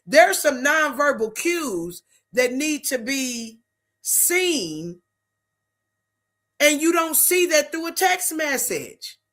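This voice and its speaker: A woman's voice: high voice, sing-song, takes it slowly, a bit bright. A middle-aged woman hosting a faith-based talk show, talking in an emphatic, preachy, conversational way. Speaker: host.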